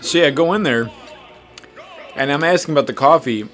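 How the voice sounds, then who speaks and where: A man's voice: on the high side, fairly quick, a bit bright, faint music behind. A man in his twenties telling a rambling, profane, self-mocking story in a casual chat while gaming. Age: 20s. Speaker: podcast host.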